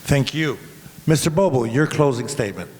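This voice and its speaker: A man's voice: medium pitch, animated, normal speed, darkish tone. A man moderating a candidates forum in brief, formal turns. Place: school auditorium. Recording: reverberant hall.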